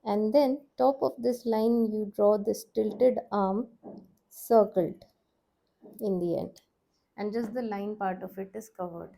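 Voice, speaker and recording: Slow, patient woman teaching letters. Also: mid-range voice, steady tone, gravelly, mellow. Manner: patient, repeats each sound several times. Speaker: language teacher. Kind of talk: slow step-by-step lesson.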